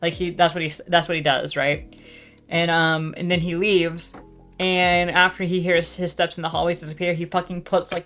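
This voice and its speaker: A woman's voice: on the low side, fairly even intonation, a little fast, soft background music. A woman hosting a loose, rambling solo talk, restarting sentences constantly, packed with fillers and casual swearing. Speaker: podcast host.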